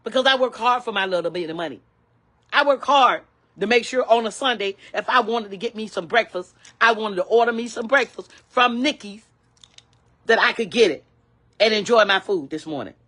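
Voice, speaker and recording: A woman's voice: on the high side, normal speed, pushed and bright. An older woman ranting angrily in a vlog, repeating herself with indignant, preachy emphasis. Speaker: vlogger. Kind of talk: angry complaint rant.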